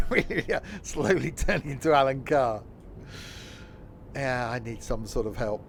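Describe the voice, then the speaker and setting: A man's voice: medium pitch, lively intonation, slow, gravelly, pauses often, a little hiss or hum. Chatty self-mocking male gaming streamer. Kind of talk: casual chat while playing a train sim.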